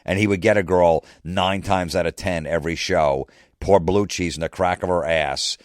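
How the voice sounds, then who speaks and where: Deep-voiced man telling a profane comic story. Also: steady tone, normal speed, no room sound, clean studio sound. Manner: casual, profane, rambling. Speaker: comedian podcast host. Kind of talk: comedic storytelling.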